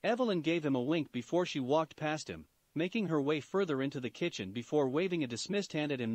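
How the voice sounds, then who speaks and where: Animated man narrating a story. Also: a little high, brisk, hardly any pauses, no echo. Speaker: story reader. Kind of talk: fan fiction reading.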